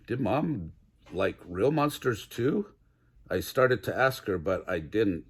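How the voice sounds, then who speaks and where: A man's voice: lowish voice, animated, slow pace, breathy edge. An older man reading a children's picture book aloud, chuckling now and then as he reads. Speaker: storybook reader.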